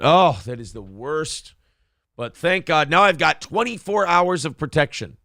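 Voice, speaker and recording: A man's voice: on the high side, lively intonation, unhurried, sharp tone, no echo, clean studio sound. A man hosting a casual live-stream morning show, rambling jokily and reading viewer comments aloud. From Minnesota. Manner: rambling, jokey, reads chat comments aloud. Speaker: show host.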